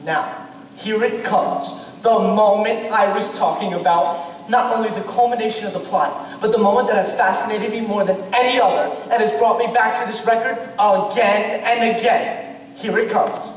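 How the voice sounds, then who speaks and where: A man's voice: high voice, fairly even intonation, moderate pace, lightly acted. A man playing a wistful lonely theatre fan. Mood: eager. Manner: rambling, confiding asides. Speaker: narrator character. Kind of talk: stage musical acting. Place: theatre stage. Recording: echoey hall from far off, noisy.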